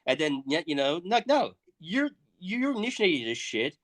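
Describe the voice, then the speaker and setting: A man in his thirties, co-hosting a podcast, riffs through a crude, profane comedic rant in a slightly high voice at normal speed. His pitch swings widely as he lurches between loud outbursts and low, muttered asides.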